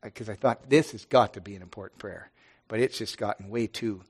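A middle-aged pastor speaking earnestly and haltingly to his congregation, with many restarts. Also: lowish voice, a little mellow, breathy edge. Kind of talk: informal devotional talk to a congregation.

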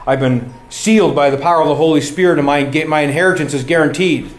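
A man's voice: on the high side, fast talker. A middle-aged man preaching a sermon, earnest and building to emphatic exhortation. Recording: echoey room.

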